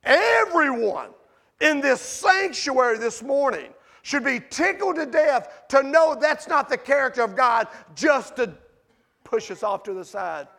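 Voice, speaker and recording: A pastor preaching a sermon in a church sanctuary, animated and conversational, with asides to the congregation and shouts for emphasis. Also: male voice, extremely high pitch, measured pace, creaky.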